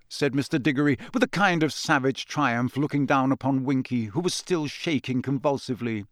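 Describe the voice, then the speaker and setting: A man reads a novel aloud as an audiobook narrator, delivering scripted narration expressively in a mid-range, slightly bright voice. His intonation is lively and his speed normal. The recording is dry and studio quality.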